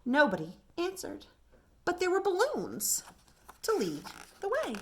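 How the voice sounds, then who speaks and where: Children's librarian, woman, storytime reader, high voice, unhurried, gentle and expressive. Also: a little hiss or hum. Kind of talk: reading a picture book aloud to kids.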